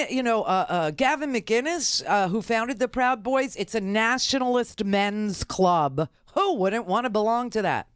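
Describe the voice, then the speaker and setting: A woman's voice: a little high, no echo, clean studio sound. A middle-aged woman hosting a political talk radio show, delivering an indignant, exasperated monologue with many fillers and restarts. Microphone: studio microphone.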